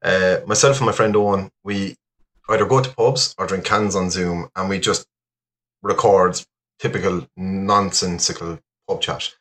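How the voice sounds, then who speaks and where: A man's voice: deep voice, fairly even intonation, a little slow, fairly bright tone. An Irish man with an Irish accent, a podcast guest in casual, rambling, self-deprecating chat. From Ireland.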